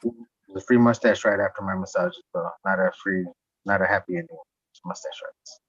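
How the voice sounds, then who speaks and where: A man's voice: low-pitched, steady tone, a little fast, fairly bright tone, husky, no room sound. A man telling a rambling story in casual chat, swearing often and laughing as he talks. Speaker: podcast guest. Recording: dull lo-fi sound.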